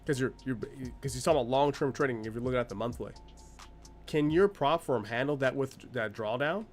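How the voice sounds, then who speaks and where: A man's voice: medium pitch, a little fast, faint music behind. A man hosting a reaction video, commenting in a sarcastic, exasperated way.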